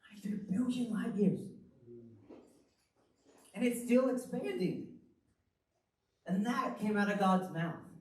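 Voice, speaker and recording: Animated male pastor in an echoey hall. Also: high-pitched, takes it slowly, long pauses. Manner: animated, conversational preaching with rhetorical questions. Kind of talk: sermon. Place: church hall. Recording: very echoey hall, from the far mic.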